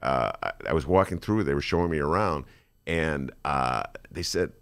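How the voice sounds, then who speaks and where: A man hosting a casual studio talk show, chatty and loose, laughing easily and jumping up in pitch when amused. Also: moderate pace, a bit bright, smooth, dry recording.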